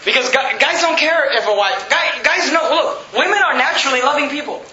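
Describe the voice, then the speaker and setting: A man's voice: very high voice, expressive, bright, forceful tone. A male preacher giving a sermon in a church. He reads scripture aloud and explains it in plain talk, often correcting himself. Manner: halting restarts and self-corrections. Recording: echoey, dull lo-fi room recording.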